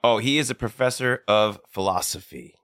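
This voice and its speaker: A man's voice: on the low side, normal speed, a bit bright, clear, resonant tone, dry recording. A man, a podcast guest, rambling through joking guesses in casual chat, with plenty of fillers.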